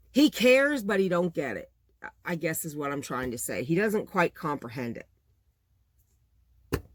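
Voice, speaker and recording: A woman's voice: low-pitched, no echo. Middle-aged woman, casual vlog chat, exasperated venting, dry recording. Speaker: small-business vlogger.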